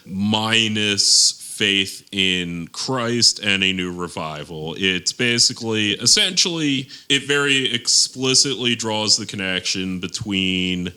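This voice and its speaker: A man co-hosting a podcast in casual chat, rambling through explanations with quick asides and frequent laughs. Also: lowish voice, animated, bright, forceful tone, smooth. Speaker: podcast co-host.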